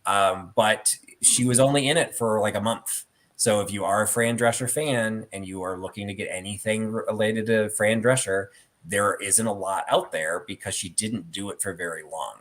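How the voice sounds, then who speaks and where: Low-voiced man telling a rambling story. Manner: rambling storyteller with many fillers. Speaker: host. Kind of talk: casual chat about theatre collectibles.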